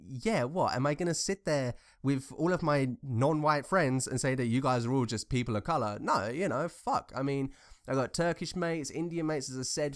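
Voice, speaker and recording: A man giving casual, rambling commentary, telling anecdotes in a blunt, profane, conversational way. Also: on the high side. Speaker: commentary vlogger.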